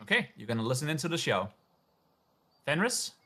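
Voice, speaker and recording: A man narrating as game master of a tabletop game, relaxed, with frequent fillers. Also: mid-range voice, a little fast.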